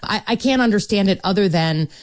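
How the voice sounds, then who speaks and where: A woman senator answering interview questions in a measured, earnest way, often pausing with ums. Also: mid-range voice, lively intonation, no room sound. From Michigan. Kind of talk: political interview.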